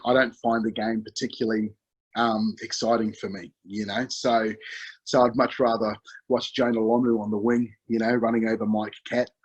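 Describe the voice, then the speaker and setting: A man with a New Zealand accent gives a relaxed, conversational sermon. His voice is husky and mid-pitched, and he leans on story and filler words as he talks. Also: highs cut off. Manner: chatty, story-led, full of 'you know' fillers. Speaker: preacher.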